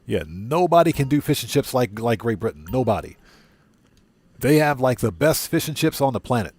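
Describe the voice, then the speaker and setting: A man's voice: mid-range voice, very animated, normal speed, darkish tone, slightly rough. A man livestreaming a video game, chatting casually with viewers and repeating himself for emphasis. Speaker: streamer.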